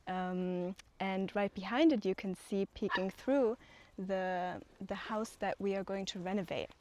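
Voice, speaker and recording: A woman's voice: mid-range voice, fairly even intonation, unhurried. Woman, eager tour guide, lots of ums, recorded outside with light background hiss. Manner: enthusiastic, with many fillers. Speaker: co-founder giving a land tour. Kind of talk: walking tour chat. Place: outdoors on hillside land.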